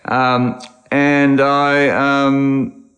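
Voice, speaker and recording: A man's voice: medium pitch, extremely slow, reverberant. A man in his thirties telling a story with lots of restarts, a guest in casual conversation. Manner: animated, rambling with restarts.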